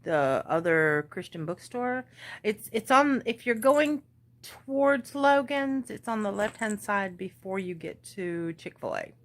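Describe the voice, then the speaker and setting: A woman's voice: mid-range voice, lively intonation, unhurried. A woman in her forties with a Southern US accent, rambling casually to her viewers from home about her day, with plenty of fillers. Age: 40s. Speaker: crafting vlogger. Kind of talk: casual vlog chat. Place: at home, indoors. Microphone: tablet or phone camera.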